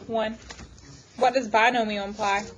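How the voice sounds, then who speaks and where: A woman math teacher lecturing her class, firing off quick questions to the students. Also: fairly high pitch, steady tone, slight background noise, rough recording.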